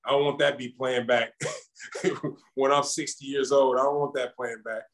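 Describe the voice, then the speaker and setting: A man, a former basketball champion, talking casually as an interview guest in a relaxed, slangy way that repeats words. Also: medium pitch, normal speed, low-quality recording.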